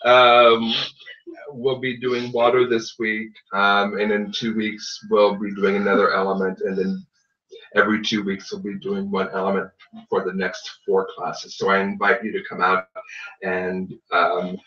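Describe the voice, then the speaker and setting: A man's voice: lowish voice, monotone, measured pace, bright, forceful tone. A man hosting a casual podcast as a tarot reader, playful and joking as he plugs his readings. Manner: playful, joking, self-promoting. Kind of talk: casual chat. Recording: roomy, distant, dull lo-fi sound.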